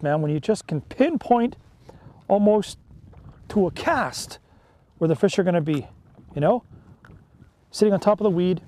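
A man chatting excitedly and folksily while fishing from a small boat on a lake. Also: high-pitched. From Canada. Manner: excitable, folksy, peppers talk with "eh". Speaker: fishing vlogger. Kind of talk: casual on-the-water chat.

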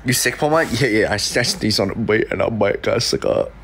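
A man's voice: lowish voice, a little fast, a bit bright, a little hiss or hum. A young man in his twenties with a cold, joking casually while reading chat on a livestream in his room. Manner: playful, jokey, reacting to comments. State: sniffly with a cold. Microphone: desk mic.

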